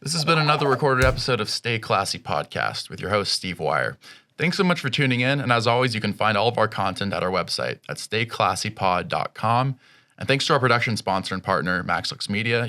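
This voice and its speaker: A man's voice: lowish voice, sharp tone. A man hosting a podcast, upbeat and casual as he wraps up the episode. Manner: upbeat, quick backchannels, casual swearing. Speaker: podcast host. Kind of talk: casual podcast chat and outro.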